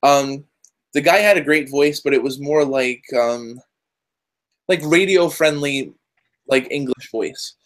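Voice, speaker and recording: A man talking as a guest in a casual interview over a video call, rambling excitedly and dropping lots of fillers. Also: mid-range voice, slow pace, pauses often. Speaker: guest, journalist and game voice actor.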